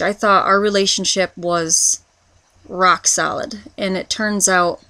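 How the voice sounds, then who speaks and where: A woman in her twenties speaks to the camera in a confessional vlog, at a middle pitch and close to the mic. She rambles and restarts often, and the sound is dry and direct with no room around it. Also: a bit bright, no echo. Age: 20s. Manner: halting, rambling, with many restarts. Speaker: vlogger.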